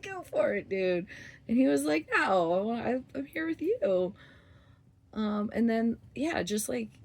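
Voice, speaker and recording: A woman's voice: fairly low pitch, creaky, a little mellow. A middle-aged woman in a candid, rambling monologue about relationships, swearing freely and laughing often. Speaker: vlogger.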